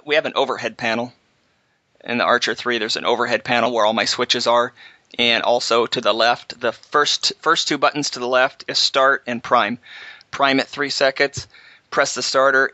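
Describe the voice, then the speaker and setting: A man hosting a casual chat, telling a halting, animated story about flying. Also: medium pitch, dry recording. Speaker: podcast host, pilot. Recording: slightly dull, dry audio.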